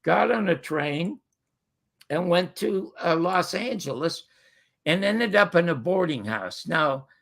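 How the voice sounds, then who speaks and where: A man's voice: high-pitched, animated, takes it slowly, gravelly, a bit bright. An older man from Canada, a guest telling rambling anecdotes full of fillers and restarts in casual conversation. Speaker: guest storyteller.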